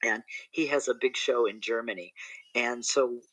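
A man's voice: medium pitch, moderate pace, a bit bright, no echo, rough recording. A middle-aged man, an entertainer, telling a rambling story in a casual interview with many restarts and asides.

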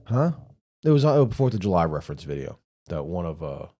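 A man with a low, mellow voice rants his way through a casual podcast chat. He swears constantly and mocks the people he talks about. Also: sing-song, a little fast. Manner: profane, ranting, mocking. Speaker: podcast co-host.

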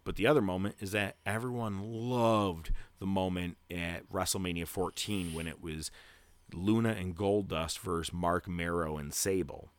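Deep-voiced man telling a rambling story. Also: fairly even intonation, moderate pace, dry recording. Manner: loose, rambling storytelling full of fillers; grows loud and hyped toward a segment tease. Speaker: podcast host. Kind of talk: casual chat.

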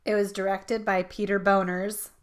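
A woman co-hosting a casual podcast, chatty and quick to laugh. She reads trivia questions aloud and riffs freely between them. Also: mid-range voice, flat delivery. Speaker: podcast co-host. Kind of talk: casual chat.

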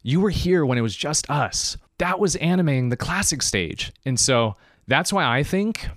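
A man hosts his podcast live, talking in a slightly high, very animated voice. He is emotional and choked up, and he drives his points home by repeating them. The sound is dry and close. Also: normal speed, no room sound. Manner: emphatic, emotional, repeats phrases for emphasis. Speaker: podcast host. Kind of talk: live-streamed podcast monologue.

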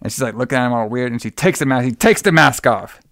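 A man's voice: mid-range voice, lively intonation, fast, fairly bright tone, no room sound. Brief: a casual male co-host recapping a film, rambling, in a dry, close sound. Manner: rambling, with many fillers and restarts. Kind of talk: casual movie recap chat.

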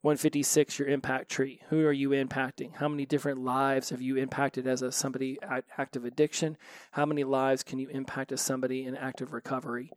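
A man's voice: medium pitch, flat delivery, fast, no room sound, studio quality. A man hosting a solo recovery podcast, talking earnestly and animatedly, often repeating phrases for emphasis.

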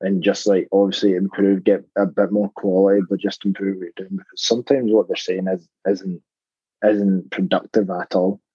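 A man's voice: low voice, flat delivery, moderate pace, warm tone, husky, dry recording, muffled recording. A male football player as a guest in a casual interview, plain-spoken and hesitant with lots of "like".

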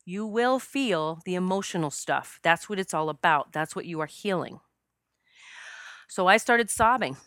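Woman, past life regression specialist, earnest storytelling, slightly low voice, smooth and clear, dry close sound. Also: expressive, a little slow, fairly bright tone, no echo. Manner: earnest, emotional, many fillers and restarts. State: choked up at times. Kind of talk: personal storytelling monologue.

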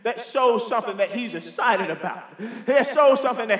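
A man preaching a sermon as pastor, impassioned and repetitive, swinging between loud declarations and hushed asides. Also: high-pitched, lively intonation, brisk, few pauses. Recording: echoey hall with long reverb.

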